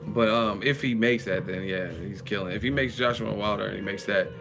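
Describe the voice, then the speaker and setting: A grown man streaming live, ranting bluntly and profanely about boxing, with mocking asides in a high sneering voice. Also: fairly quick, creaky, music in the background. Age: adult. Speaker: boxing commentary livestreamer. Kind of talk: casual livestream rant.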